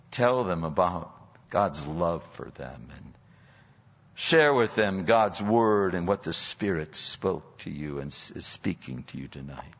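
A man's voice: on the low side, expressive, measured pace, gravelly, slightly rough. A male pastor preaching a sermon in a church, emphatic and sometimes mockingly sarcastic. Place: church sanctuary. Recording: dull audio with long hall reverb.

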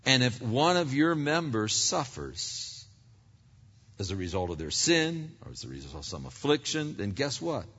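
A pastor preaching a sermon with emphatic rhetorical questions and repeated words, heard as a dull recording in an echoing hall. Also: male voice, medium pitch, sing-song, normal speed, fairly bright tone.

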